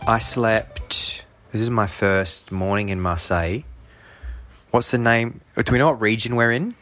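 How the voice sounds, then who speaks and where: Canadian male podcast host, animated storyteller, crisp bright delivery. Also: fairly low pitch, unhurried, no echo, soft background music. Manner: animated storyteller, mimics voices. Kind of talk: casual travel chat.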